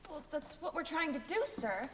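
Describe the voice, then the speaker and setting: Earnest pleading girl played by a young woman, high bright voice, far away in an echoey hall. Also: animated, moderate pace, a little hiss or hum. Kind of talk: amateur stage play. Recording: distant stage sound in a reverberant hall.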